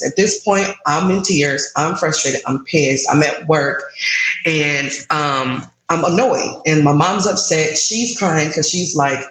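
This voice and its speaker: This guest, a woman in her thirties, tells her own frustrating story in an interview, openly and with feeling. She talks slowly in a low voice, and the poor-quality audio carries the echo of the room.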